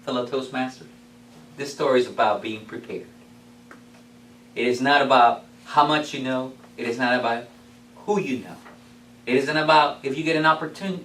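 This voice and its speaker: A man giving a playful, animated storytelling speech to his club, heard from far off in a meeting room. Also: medium pitch, roomy sound, slight background noise. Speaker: club speaker.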